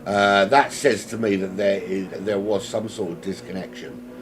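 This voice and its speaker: A man with a South London accent calls a sim race alone from his home, drifting into jokey, self-mocking asides. His voice sits low. A steady hiss of background noise runs under the recording. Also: moderate pace. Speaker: sim racing commentator. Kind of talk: solo race commentary.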